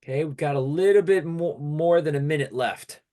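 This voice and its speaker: A man facilitating an online workshop over a video call, steady and peppering his speech with "okay". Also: fairly high pitch, brisk.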